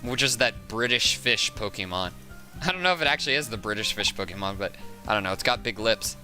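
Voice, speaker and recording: Young Southern male streamer, very bright voice, lively swooping pitch, rambling casual chat. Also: fairly quick, soft background music. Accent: Southern American. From Southern United States. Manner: rambling, chatty, laughs often. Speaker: game streamer.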